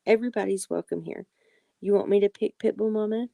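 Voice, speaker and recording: A woman reading oracle cards on a live stream, talking softly and affectionately to viewers and often apologizing. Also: medium pitch, steady tone, a little fast, vocal fry, dry recording. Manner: soft-spoken, affectionate, calls viewers sweetie and honey; apologetic and reassuring. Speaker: livestream tarot and oracle card reader.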